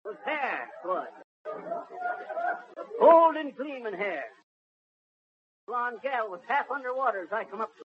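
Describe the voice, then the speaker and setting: A man's voice: very high voice, expressive, measured pace, long pauses, crowd noise. A man playing a boastful, folksy braggart in 1930s radio comedy, rambling through a tall tale in ungrammatical speech. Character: boastful middle-aged male braggart spinning tall tales. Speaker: comic lead telling a tall tale. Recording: muffled 1930s radio recording with faint hiss.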